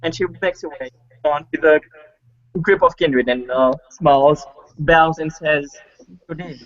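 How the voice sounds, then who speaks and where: A man narrating a tabletop game as game master, halting with many fillers, in a dull lo-fi recording. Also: fairly high pitch.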